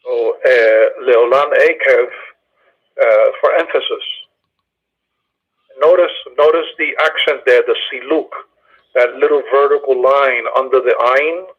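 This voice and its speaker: A man in a study session explaining Hebrew grammar in a methodical, hesitant way, pausing often with fillers. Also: medium pitch, slightly rough, muffled recording. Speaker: study group participant.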